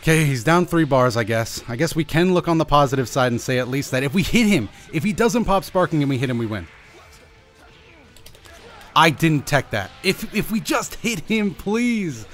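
A young man giving live commentary over his own fighting-game match, anxious and pleading with himself, his pitch jumping up and down. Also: lively intonation, fairly quick, fairly bright tone. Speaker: gaming channel host. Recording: faint music behind.

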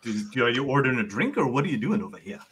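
A man's voice: medium pitch, big pitch swings, fast, a bit bright, slight background noise. A man voicing a flamboyant, flirtatious male Genasi bartender who calls customers honey and sugar. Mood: flirty.

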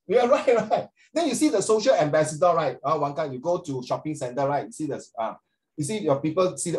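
A middle-aged man with a Singaporean English accent, teaching a social studies class in an animated, joking, sarcastic way, with Mandarin phrases mixed in. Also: on the high side, fast, poor audio.

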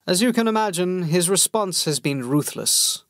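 A man playing a measured, thoughtful male lord who speaks slowly and deliberately. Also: high-pitched, animated, fairly bright tone, dry recording, pitched above the performer's own voice.

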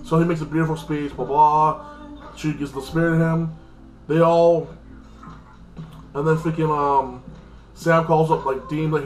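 A man talks through a TV episode in a loose, rambling recap, leaning on fillers as he goes. His voice sits a little high. The room is echoey, with faint music underneath. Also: steady tone, measured pace, long pauses. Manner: rambling, heavy with fillers like "like" and "freaking". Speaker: channel host reviewing a TV episode. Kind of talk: casual spoken episode recap.

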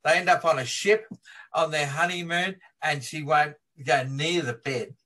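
A man being interviewed as a film historian, retelling film scenes in a lively way and laughing as he talks. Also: a little high, moderate pace. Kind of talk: animated interview storytelling.

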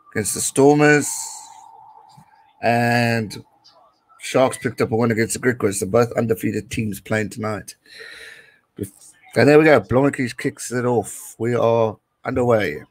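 A man's voice: mid-range voice, a little slow, long pauses, rough recording. A young South African man with a South African accent, hosting a casual live stream, giving chatty rugby commentary, reading viewer comments, and dropping Afrikaans phrases.

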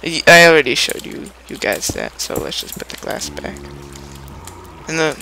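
Young gamer, bright gravelly voice. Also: male voice, fairly high pitch, very animated, normal speed, faint music behind, rough recording. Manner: rambling, playful, humming sound effects while building. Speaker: gameplay tutorial maker. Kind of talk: casual gameplay tutorial commentary.

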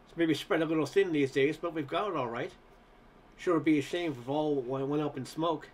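A man doing a gruff, growling barkeep. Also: on the high side, a little fast, a little hiss or hum, natural voice. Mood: kindly. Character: big gruff male bar owner, warm and steady.

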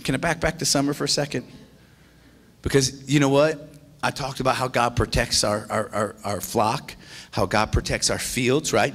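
A man preaching a sermon as pastor, animated and excited, swinging from loud exclamations to hushed confession and often restarting his phrases. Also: medium pitch.

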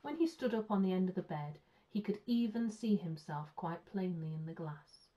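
A woman teacher reading a children's story aloud with clear, expressive storytelling. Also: on the low side, moderate pace. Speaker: primary school teacher. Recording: muffled lo-fi sound.

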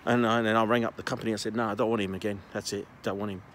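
A man's voice: fairly low pitch, little pitch movement, very fast, a bit bright, slight background noise. A man vlogging casually as he walks city streets, telling rambling stories with plenty of restarts. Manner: chatty, rambling storyteller with laughs. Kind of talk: casual walking vlog chat.

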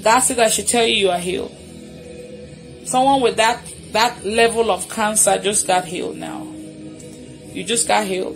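A woman's voice: mid-range voice, normal speed, long pauses, music in the background. A woman leading a live deliverance prayer, repeating commanding declarations fervently and laughing between them. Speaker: prayer minister.

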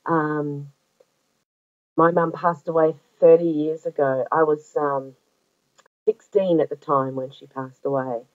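A woman's voice: low-pitched, fairly even intonation, slow, pauses often, dry recording. An Australian woman in her forties chatting casually about crafts, rambling and gushing with many ums and restarts. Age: 40s. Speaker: craft vlogger. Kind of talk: casual show-and-tell chat. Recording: dry tinny phone-like audio.

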